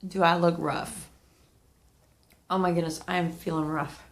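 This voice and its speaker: A woman's voice: lowish voice, little pitch movement, a little slow. A woman in her thirties, sniffling and under the weather, chatting candidly to camera in a rambling vlog. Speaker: vlogger. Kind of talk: casual talk to camera.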